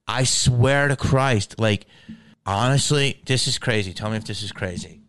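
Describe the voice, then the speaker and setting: A man venting in an agitated, profane rant, his voice often dropping low and quiet when he turns bitter. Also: moderate pace, clear, resonant tone, dry recording. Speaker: actor venting to camera.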